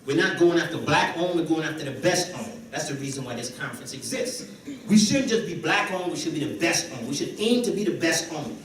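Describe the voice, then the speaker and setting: High-voiced man speaking in an echoey hall. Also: fairly quick, a little hiss or hum. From Caribbean. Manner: animated, joking with the audience. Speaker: conference speaker. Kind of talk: motivational business talk. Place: conference hall. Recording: echoey hall, distant mic.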